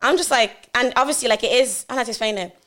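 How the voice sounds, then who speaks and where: A young woman talks at a breakneck pace on a podcast, her voice a little high. She retells exchanges in quoted dialogue, with "like" all through. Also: a bit bright. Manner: rapid, full of "like", retells dialogue. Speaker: podcast guest. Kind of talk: casual chat.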